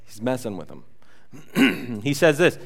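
A man's voice: mid-range voice, very animated, unhurried, vocal fry. A man preaching a sermon in a casual, conversational way, acting out voices in asides and asking the congregation questions. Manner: conversational, acts out paraphrased voices of the prophet with rhetorical asides. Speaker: pastor.

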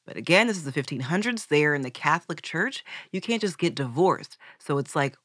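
Woman podcast co-host, lively swooping pitch, bright voice, dry close sound, profane storytelling. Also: brisk, no room sound. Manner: animated, profane storytelling with acted-out quotes. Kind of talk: casual chat.

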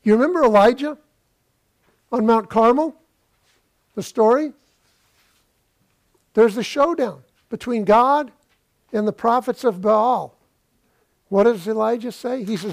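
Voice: mid-range voice, unhurried, long pauses. A pastor preaching a sermon, retelling a scripture story and asking the listeners rhetorical questions.

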